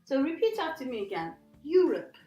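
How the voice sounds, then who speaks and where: A woman with a high, very lively voice gives a pronunciation lesson, taking her time and repeating each word for learners. Her voice rings a little in a roomy space. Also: faint music behind. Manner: patient, repeats words slowly for learners. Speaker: English pronunciation teacher.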